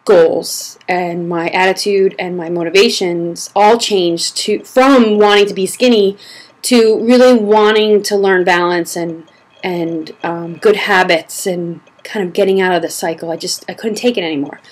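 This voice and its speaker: A woman's voice: on the low side, fairly even intonation, unhurried. A young woman chatting casually to camera as a blogger answering reader questions, a little short of breath, rambling with fillers and restarts. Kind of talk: casual vlog chat.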